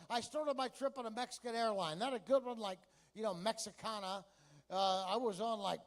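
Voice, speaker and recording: A man from Texas doing a stand-up comedy routine, brash and chatty, with crude punchlines. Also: high-pitched.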